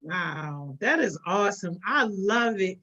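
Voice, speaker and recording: A woman's voice: mid-range voice, animated, takes it slowly, sharp tone, muffled recording. A woman hosting a live stream, upbeat and casual, greeting viewers one by one. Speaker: host.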